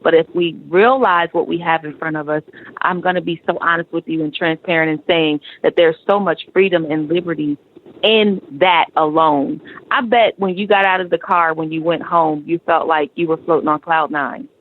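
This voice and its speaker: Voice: medium pitch, steady tone, normal speed. Encouraging host on a phone line. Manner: encouraging, reflective, sermon-like affirmations. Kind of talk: talk show interview.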